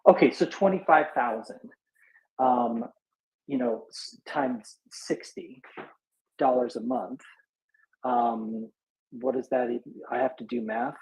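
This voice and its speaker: This exhausted speaker, up all night, is doing quick estimates out loud in a live audio chat room, his halting delivery full of fillers and fresh starts. He talks at a medium pitch in an echoey room.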